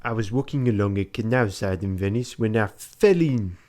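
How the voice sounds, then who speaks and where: A courtly male traveller narrates his adventure with a French accent, polite and mannered like a storybook. The voice sits fairly low, as a man acts him out. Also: normal speed, darkish tone, close to an everyday voice. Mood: storytelling.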